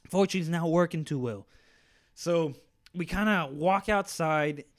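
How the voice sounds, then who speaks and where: A young man casually telling a story, animated and profane, acting out the voices of the people in it. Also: a little high, normal speed.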